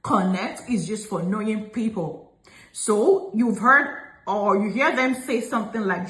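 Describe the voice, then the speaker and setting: Bright-voiced woman teaching French. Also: mid-range voice. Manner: slows down to model French phrases. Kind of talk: language lesson. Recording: echoey room.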